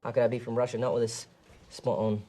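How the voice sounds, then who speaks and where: A man's voice: mid-range voice, flat delivery, quick pace, warm tone, natural voice. An actor playing a cocky young man who fakes a smug, showy British accent in a sitcom. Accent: put-on British. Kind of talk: sitcom acting.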